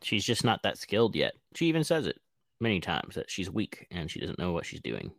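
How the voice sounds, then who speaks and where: A man co-hosting a casual recap podcast, swearing freely and telling the story with lively energy. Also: low-pitched, fairly quick, creaky, no room sound. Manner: animated, swears freely, acts out characters' lines. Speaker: podcast co-host.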